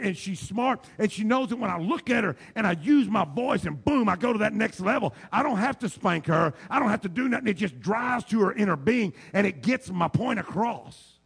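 A male pastor preaching a sermon in a booming voice, shouting his points and then dropping to quiet asides. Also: creaky, breathy edge. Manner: shouting preacher, swings from loud to low asides.

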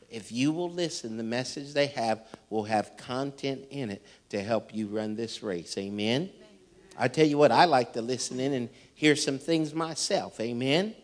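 A pastor talks to his congregation. He punctuates nearly every thought with amen and hallelujah, speaking in a sermon style inside a church. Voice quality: squeaky. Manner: peppers talk with amen and hallelujah. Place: church sanctuary.

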